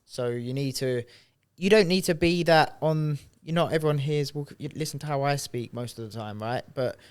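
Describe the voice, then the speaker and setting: Relaxed rambling podcast co-host man. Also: a little high, moderate pace, smooth. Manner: relaxed, rambling, talks with restarts. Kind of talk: casual podcast chat.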